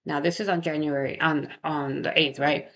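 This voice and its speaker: Woman, gravelly, lowish, casual rambling, rhetorical questions. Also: fairly even intonation, normal speed, fairly bright tone. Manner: rambling, self-correcting, asks rhetorical questions. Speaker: true crime storyteller. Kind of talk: casual chat.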